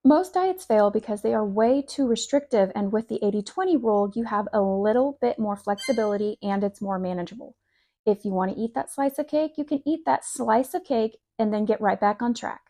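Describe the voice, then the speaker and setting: A woman's voice: mid-range voice, dark tone. A woman, a parent, giving casual food advice in an upbeat, encouraging, chatty way. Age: adult parent. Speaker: lifestyle vlogger.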